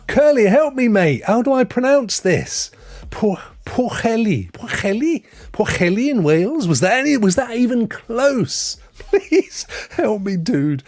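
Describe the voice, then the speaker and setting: A man's voice: fairly high pitch, a little mellow, breathy edge, no room sound. A man hosting a live stream, chatting casually, laughing often and answering chat.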